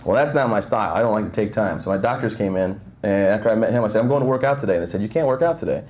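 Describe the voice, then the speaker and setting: Fast-talking man telling stories to a crowd. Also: fairly low pitch, a little mellow. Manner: joking, conversational storytelling with many fillers. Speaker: guest speaker. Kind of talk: motivational talk to an audience. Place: breakfast event hall. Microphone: handheld mic held close, audible nose breathing.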